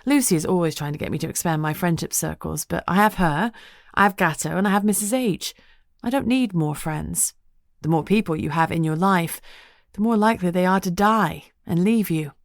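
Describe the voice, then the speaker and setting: A woman narrating a first-person audiobook in a wry, even storytelling way. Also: lowish voice, normal speed, no room sound, studio quality.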